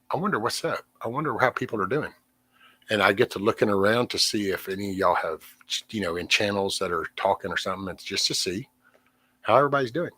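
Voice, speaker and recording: A man's voice: lowish voice, sharp tone. A middle-aged man, venting in a rambling, cussing way on his livestream. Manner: rambling, frequent cursing, trailing off. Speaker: livestream host. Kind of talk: casual venting livestream chat. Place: home.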